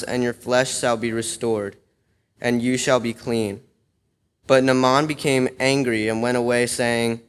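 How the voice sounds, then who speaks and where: A man reading a scripture passage aloud at a church service, steady and measured. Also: mid-range voice, smooth. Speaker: scripture reader. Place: church sanctuary. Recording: long reverb of a church sanctuary.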